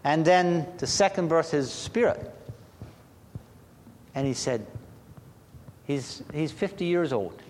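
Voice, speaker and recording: A man preaching a sermon to a congregation, talking slowly and deliberately with halting restarts. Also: a little high, expressive, a little mellow, a little hiss or hum. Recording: long hall reverb.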